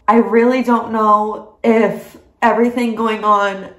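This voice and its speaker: A woman's voice: fairly high pitch, level tone, slow, few pauses, fairly bright tone, reverberant. A young woman speaking in a personal video diary at home, emotional and crying, laughing through her tears. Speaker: vlogger.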